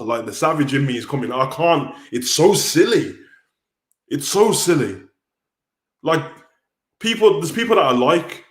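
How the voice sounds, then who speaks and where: A man hosting a livestream, ranting bluntly and casually with many restarts. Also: mid-range voice. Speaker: wrestling commentator and livestream host. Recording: roomy echo.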